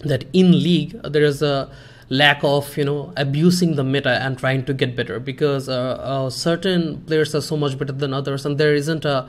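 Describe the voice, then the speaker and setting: Fast-talking man, code-switching. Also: on the high side, steady tone. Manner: fast, switching between English and Bengali, many fillers. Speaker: podcast host and coach. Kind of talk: casual streamed chat.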